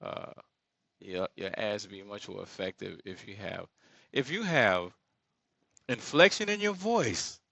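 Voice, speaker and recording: A man with rambles through his work in a casual screen-share commentary, often pausing to search for the right word. His voice is gravelly with a bright, forward edge. The sound is dry and close, with no room around it. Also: on the low side, no echo. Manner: thinks aloud, rambling asides, searches for words. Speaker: solo creator building an app.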